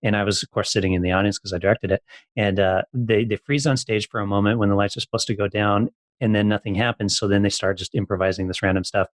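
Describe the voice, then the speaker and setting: A man hosting a casual interview, relaxed and teasing as he tells his own stories. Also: fairly low pitch, quick pace, no echo. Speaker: interview host.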